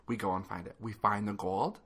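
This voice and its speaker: A man's voice: fairly low pitch, fairly even intonation, fairly quick, fairly bright tone. A man co-hosting a podcast, making dry, matter-of-fact remarks in casual chat. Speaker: podcast co-host.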